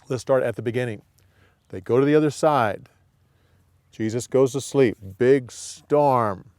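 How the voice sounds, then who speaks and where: A man's voice: mid-range voice, normal speed, no room sound. A man teaching a Bible story with hand gestures, repeating each part and acting out short quoted lines. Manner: repetitive, steady, acts out short quotes.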